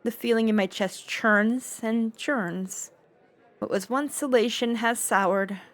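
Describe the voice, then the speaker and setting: A woman streamer reading a visual novel aloud in first person, with expressive, playful narration. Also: on the high side, slow pace.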